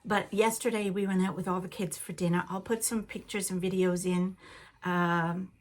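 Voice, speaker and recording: A woman hosting a knitting podcast in a rambling, chatty way, with frequent laughs and animated asides. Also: fairly low pitch, moderate pace.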